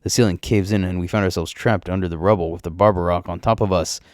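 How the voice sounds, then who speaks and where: Guy narrating his own story, deep voice, dry close sound. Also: steady tone, quick pace, no echo. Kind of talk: first-person story narration.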